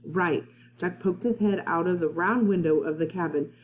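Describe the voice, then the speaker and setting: A woman's voice: fairly low pitch, fairly quick, a little mellow, slight background noise. A woman first-grade teacher reading a chapter book aloud to her class in a chatty way, laughing at her own slips.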